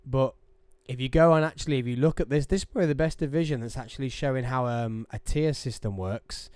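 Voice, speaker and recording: A man with a hoarse voice, chatting casually on a podcast, animated when telling stories. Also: mid-range voice, fast, no room sound. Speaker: podcast host. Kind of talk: casual chat.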